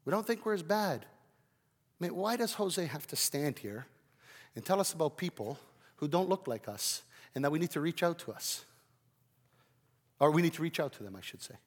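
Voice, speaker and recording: A man preaching a sermon with great energy, his volume swinging from loud to quiet. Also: fairly high pitch, expressive, normal speed, long pauses, big-room sound. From Canada. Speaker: pastor.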